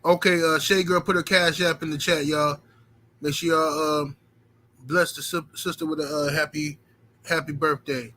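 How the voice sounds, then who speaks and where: A man's voice: on the high side, normal speed, a little hiss or hum. A man hosting a casual livestream, talking emphatically with lots of profanity and repetition, and reading out viewer super chats. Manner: profane, emphatic, repeats himself; animated, swings from loud outbursts to muttering. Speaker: livestream host.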